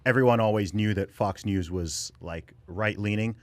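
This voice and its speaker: A man from England speaks as a podcast guest, his voice sitting low. He talks conversationally, with lots of fillers and restarts. The sound is dry, with no room echo. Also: normal speed. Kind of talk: casual panel discussion.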